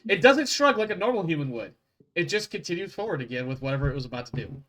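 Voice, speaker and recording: A man's voice: a little high, very animated, fast talker, fairly bright tone. A man narrating a tabletop game as game master, who laughs easily and jokes at his own expense. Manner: laughs easily, self-deprecating.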